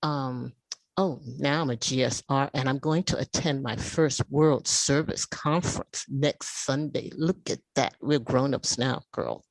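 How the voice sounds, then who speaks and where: A woman in her seventies sharing her personal recovery story at a meeting, telling it in an animated, emotional way. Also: extremely low pitch, unhurried, dry recording. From United States. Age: 70s. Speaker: meeting speaker. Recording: video call audio.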